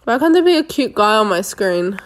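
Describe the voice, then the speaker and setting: A woman's voice: mid-range voice, big pitch swings, a little fast. A woman giving casual, sarcastic running commentary while playing a police game, joking and talking to herself.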